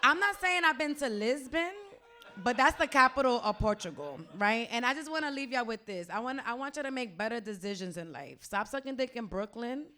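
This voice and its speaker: A woman's voice: fairly high pitch, lively intonation, a little fast, bright, forceful tone. A woman doing a stand-up set with a brash, crude, punchy delivery. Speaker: stand-up comedian.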